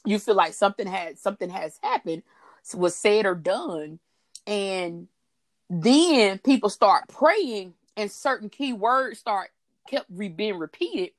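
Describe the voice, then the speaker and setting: A woman's voice: mid-range voice, expressive, a little slow, dry recording, clean studio sound. A woman co-hosting a faith talk broadcast, chatty and laughing often as she talks. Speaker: podcast co-host. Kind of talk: casual faith talk chat.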